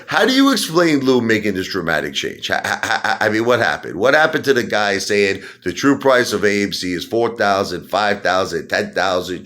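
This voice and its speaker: A man ranting in an animated monologue, mocking and excitable, swinging between loud outbursts and muttering. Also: fairly low pitch. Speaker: stock-market video host.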